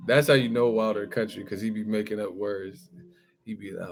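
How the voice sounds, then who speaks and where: A man's voice: lowish voice, soft background music. A man hosting a boxing channel, riffing in casual, profane commentary and firing off one rhetorical question after another. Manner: animated, profane, rapid-fire rhetorical questions.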